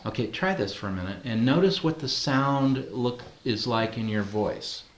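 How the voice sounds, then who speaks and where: A man teaches a class of adults in a roomy training hall, his voice carrying with some echo. He speaks at a middle pitch in a relaxed, conversational way and keeps asking the group questions. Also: normal speed, a little hiss or hum. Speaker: NLP trainer.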